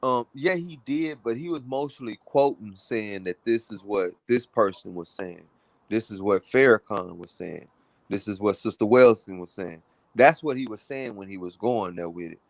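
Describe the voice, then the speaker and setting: A man's voice: fairly low pitch, normal speed, no room sound. A man on a debate panel, earnestly building his argument and checking that others follow. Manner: earnest, builds argument, asks "you know what I'm saying". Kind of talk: casual debate chat.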